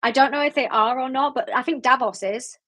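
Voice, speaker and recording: A woman's voice: high voice, fairly quick, bright, forceful tone. A woman in her late twenties with a Yorkshire accent, hosting a book club livestream and chatting in a rambling way as she answers viewers. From Yorkshire, England. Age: late 20s. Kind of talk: casual livestream chat reading viewer comments.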